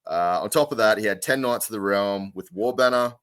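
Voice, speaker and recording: Male podcast co-host, very low voice, rambling casual delivery, dry close sound. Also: brisk, fairly bright tone, clear, resonant tone, no echo. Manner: rambling, lots of fillers and restarts. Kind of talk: casual chat.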